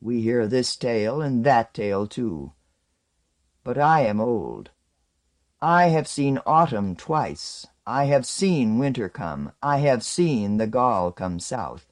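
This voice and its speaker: A man voicing an old tribal chief, shrewd and gruff, with a cracked bass voice. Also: very animated, takes it slowly. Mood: gruff, measured. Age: older.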